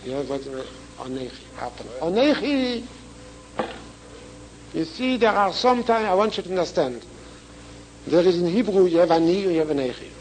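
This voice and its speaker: Gravelly, high-voiced man teaching scripture. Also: animated, darkish tone, a little hiss or hum, poor audio. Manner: chants Hebrew quickly, then explains slowly with repetitions. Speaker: Torah teacher. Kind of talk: Talmudic lecture with text reading.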